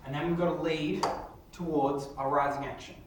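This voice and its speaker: A man teaching how to write a story's opening, thinking aloud in an animated way, recorded in a classroom. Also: fairly high pitch, normal speed, background noise. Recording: echoey room from far off.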